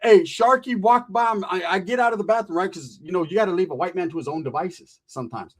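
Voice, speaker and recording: A man's voice: sits high, quick pace. A man telling a rowdy story in casual, profane, slang-heavy talk on a podcast. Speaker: podcast host.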